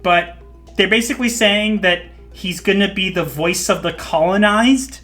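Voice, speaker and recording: Podcast host ranting, laughs a lot, bright voice, faint music under it. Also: mid-range voice, a little slow. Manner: opinionated, laughs often, jokey put-on voices. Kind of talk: casual chat.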